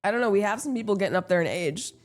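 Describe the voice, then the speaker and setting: A woman's voice: medium pitch, animated, racing. Casting note: woman streamer, casual chat with viewers, blunt, teasing, swears a lot, mid-range voice.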